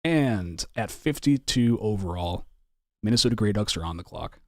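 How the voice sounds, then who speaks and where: A man hosting a live online draft stream, with relaxed, upbeat announcer patter. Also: lowish voice, normal speed, no echo, clean studio sound. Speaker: draft host.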